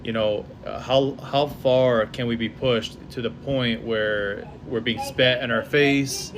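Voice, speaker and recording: A man's voice: medium pitch, fairly even intonation, takes it slowly, a crowd in the background. A man, a nurse, earnestly posing a question to camera, hesitating with fillers. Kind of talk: commentary to camera.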